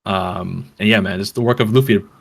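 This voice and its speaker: A man with a somewhat low voice co-hosts a podcast in casual chat. He rambles easily, with fillers and restarts throughout. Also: brisk, vocal fry, slightly rough. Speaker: podcast co-host.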